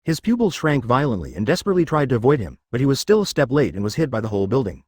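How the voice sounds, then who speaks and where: A man's voice: medium pitch, big pitch swings, racing, slightly rough, dry recording, clean studio sound. A man reading a web novel aloud as narrator, dramatic with stiff translated phrasing.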